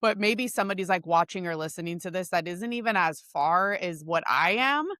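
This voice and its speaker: A woman hosting a casual podcast conversation. Her voice is bright and forward, and her delivery is animated and talkative. The sound is dry and close. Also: lowish voice, brisk, dry recording. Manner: animated, chatty, laughs while talking. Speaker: podcast host. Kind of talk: casual interview chat.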